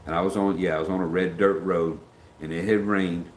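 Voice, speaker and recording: A middle-aged livestream host rambles casually while greeting chat viewers by name, speaking fairly quickly in a steady, low voice. The recording is roomy, with faint background ambience and a little hiss or hum.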